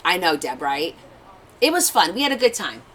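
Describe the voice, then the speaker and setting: Very animated and speaking at a moderate pace, a woman with a lowish, fairly bright voice runs a craft livestream. She comes from a Portuguese family and chats, tells stories as she works, and reads viewer comments aloud, all over poor audio.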